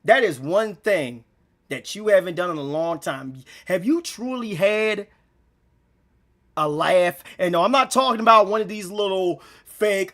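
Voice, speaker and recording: A man's voice: sits high, normal speed, fairly bright tone. A young man talking straight to camera in an emotional, rambling monologue, repeating himself, using slang, and close to tears. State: near tears. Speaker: gaming channel vlogger.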